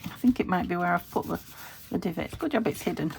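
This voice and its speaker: A woman's voice: lowish voice, expressive, quick pace, gravelly, darkish tone. A British woman chatting casually as she crafts at her home desk, thinking aloud and laughing at herself while she works. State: recovering from a fever. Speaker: craft vlogger. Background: traffic through an open window.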